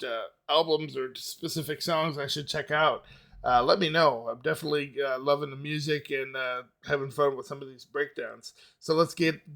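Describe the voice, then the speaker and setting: A man with a slightly high, fairly bright voice and some vocal fry hosts a music reaction, with music playing behind him. He muses aloud casually, laughing easily and using lots of fillers and restarts.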